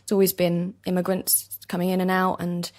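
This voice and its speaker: A young woman with a soft East London accent, an actor chatting in an interview, laughing easily and self-deprecating. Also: fairly low pitch, monotone, a little fast. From East London, England. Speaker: actor guest. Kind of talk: casual interview chat. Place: basement recording studio.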